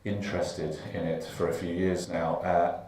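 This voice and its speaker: A man on a conference panel introducing himself, measured and thoughtful with many fillers. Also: sits low, little pitch movement, a little mellow, far from the mic. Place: big conference room. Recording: echoey conference room.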